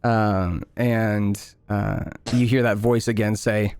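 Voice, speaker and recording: A man narrating as game master in a tabletop game, unhurried and full of fillers. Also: fairly low pitch, clear, resonant tone. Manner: relaxed, many fillers, unhurried.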